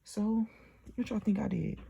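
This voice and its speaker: A woman's voice: mid-range voice, a little slow, creaky, warm tone, slightly rough, highs cut off. A young woman telling her own story in a chatty way, talking straight to her listeners with lots of fillers. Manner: chatty, addresses listeners directly, many fillers. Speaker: diary vlogger. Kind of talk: casual personal storytelling.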